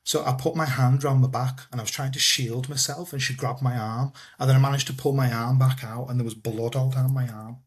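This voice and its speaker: A man, telling his own life story in an interview, halting and repeating himself, often trailing off quietly. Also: medium pitch, steady tone. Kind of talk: personal storytelling in a podcast interview.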